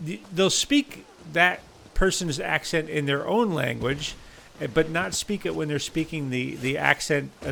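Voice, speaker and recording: Casting: American male game streamer, casual and rambling, gravelly edge, faint hum behind. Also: fairly high pitch, fairly bright tone. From United States. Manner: chatty, rambling, many fillers and restarts. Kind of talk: live-stream gameplay commentary.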